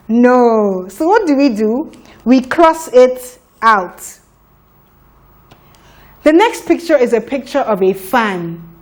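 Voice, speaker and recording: A woman teaching a children's phonics lesson, sounding out letters slowly and deliberately. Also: on the high side, darkish tone.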